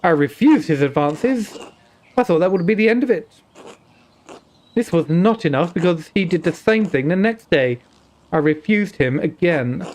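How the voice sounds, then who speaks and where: A man's voice: high-pitched, expressive, moderate pace, a little mellow. A man voicing a young nun who survived an attack, reading her lines in a put-on Welsh accent. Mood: sorrowful. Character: traumatized young nun, quiet and guarded.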